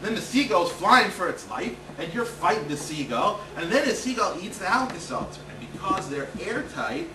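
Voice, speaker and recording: A male stand-up comedian telling a long story in an animated way. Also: high voice, normal speed, hardly any pauses. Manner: animated, building excitement. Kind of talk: comic storytelling. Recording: roomy stage sound, distant mic, noisy.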